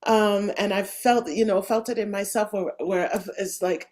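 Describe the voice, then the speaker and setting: A woman hosting a podcast interview, talking in an enthusiastic, animated way with lots of fillers and restarts. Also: medium pitch, normal speed. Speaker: podcast host. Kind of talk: casual interview chat.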